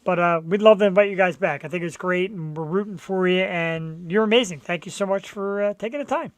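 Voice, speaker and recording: A man hosting a casual talk show, joking and chatting in a loud, laid-back way. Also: sits high, fairly quick, no room sound. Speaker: host.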